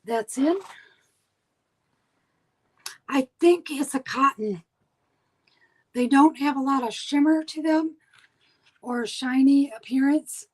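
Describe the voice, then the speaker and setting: A woman's voice: sits high, a little mellow, poor audio. A woman hosting a live online sale, chatting casually while she counts items and reads out buyers' names. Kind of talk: casual live-stream selling.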